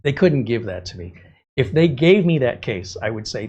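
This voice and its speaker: A male livestream host with a slightly husky, breathy voice, talking casually. He slips into exasperated, sarcastic rants as he goes. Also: on the low side, expressive, brisk, darkish tone, muffled recording.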